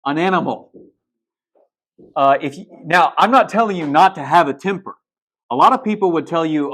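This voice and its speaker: A man's voice: on the high side, moderate pace, long pauses, fairly bright tone. A male pastor preaching a sermon in a casual, storytelling way, retelling film scenes with blunt asides and restarts.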